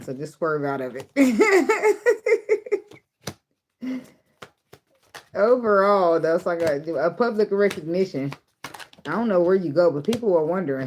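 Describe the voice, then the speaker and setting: A woman's voice: low-pitched, darkish tone, a little hiss or hum. Blunt, profane woman reading tarot. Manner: blunt, profane, laughs often. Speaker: tarot reader.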